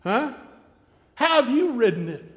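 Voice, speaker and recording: A man with an American accent preaching a sermon, telling stories and acting out shouted quotes. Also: very high voice, sing-song, measured pace, long reverb tail. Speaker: pastor. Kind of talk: sermon with storytelling. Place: church sanctuary.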